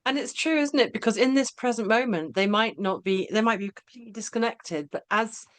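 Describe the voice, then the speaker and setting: A woman's voice: fairly high pitch, brisk, no room sound. A woman hosting a podcast interview, agreeable and hesitant, with many fillers and restarts. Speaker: podcast host.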